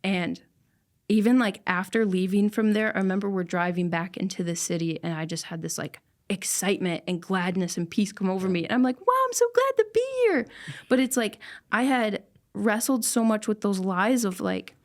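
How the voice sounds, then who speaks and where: Young adult woman, casual podcast guest, earnest and emotional storyteller, middle pitch. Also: steady tone, normal speed. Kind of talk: casual chat, personal story.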